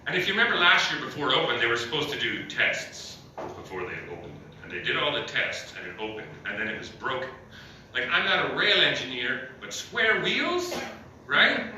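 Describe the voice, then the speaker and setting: A man from Ottawa doing a stand-up comedy set in a comedy club, rambling through deadpan jokes with lots of fillers and chuckles. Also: mid-range voice, brisk, a little hiss or hum. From Ottawa, Canada. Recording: echoey club heard from a distance.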